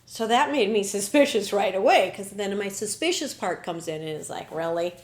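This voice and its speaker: An earnest woman hosts a reflective spiritual talk show in a voice of middling pitch. She often acts out inner dialogue in quoted voices. The recording carries a roomy echo. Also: animated, moderate pace. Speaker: podcast host.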